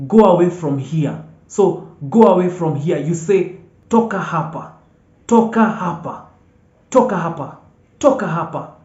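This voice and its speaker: A language teacher calmly repeating each vocabulary word several times and checking in with "okay?" as they go. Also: medium pitch. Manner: patient, drills words aloud and checks in with "okay?". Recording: echoey room, dull lo-fi sound.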